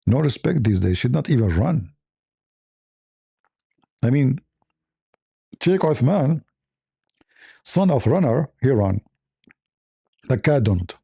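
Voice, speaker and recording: A man's voice: very animated, takes it slowly, gravelly, long pauses, dark tone, slightly rough, no room sound, studio quality. A man hosting a casual talk show, rambling through a story with many restarts and fillers. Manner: rambling, many restarts and fillers, squeaky voices when quoting. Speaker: host.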